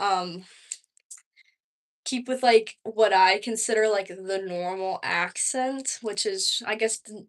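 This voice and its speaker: A woman's voice: medium pitch, fairly bright tone. A young woman around twenty with a Southern accent, chatting casually on a livestream, rambling with lots of "like" and "um". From Texas, US. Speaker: vlogger.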